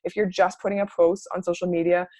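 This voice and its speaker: A young adult woman giving a casual, upbeat coaching talk, chatty and full of "like", acting out sample messages in a brighter voice. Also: fairly low pitch, level tone, fast, no echo. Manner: peppered with "like" and mild swearing. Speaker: network marketing coach. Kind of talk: casual live training talk.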